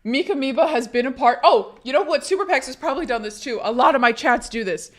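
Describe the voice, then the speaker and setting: Woman, live streamer, casual rambling chat, joking, swears a lot, slightly high pitch. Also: lively intonation, quick pace.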